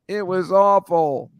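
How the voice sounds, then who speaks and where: A man's voice: high-pitched, clean tone, dry recording, clean studio sound. A man hosting a casual chat, rambling and swearing as he riffs through photos. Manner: rambling, profane, riffing on photos. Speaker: host.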